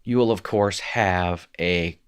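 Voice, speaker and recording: A Hebrew teacher with a low voice speaks slowly in a recorded screen-share lesson, with a clean tone. He's chatty, correcting himself as he explains and using frequent fillers.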